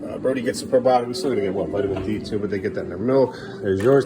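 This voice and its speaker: A man's voice: fairly low pitch, racing, heavy background noise. A man filming his family at home, talking in a sing-song voice to his kids and muttering weary asides. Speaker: parent vlogger. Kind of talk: casual family vlog.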